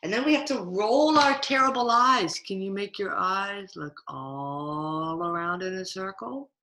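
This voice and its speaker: A woman's voice: mid-range voice, a little slow, pushed and bright, roomy sound. A woman teaching yoga to children over a video call, playfully coaching them through a picture-book story. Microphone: video call mic.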